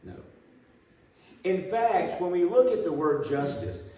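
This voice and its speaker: A man with a drawl teaches a Bible class in a plainspoken, folksy way, quick to poke fun at himself. His voice comes from well off the mic and rings around a very echoey church room. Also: sits high, animated, dark tone, distant mic. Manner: folksy, plainspoken, self-deprecating. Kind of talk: storytelling Bible class lesson.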